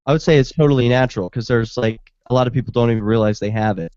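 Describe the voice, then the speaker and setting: A man's voice: mid-range voice, racing, a little mellow, clear, resonant tone, no echo. A man hosting a casual talk show, chatting, asking probing questions and reading out listener comments. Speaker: show host. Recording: dry, dull lo-fi sound.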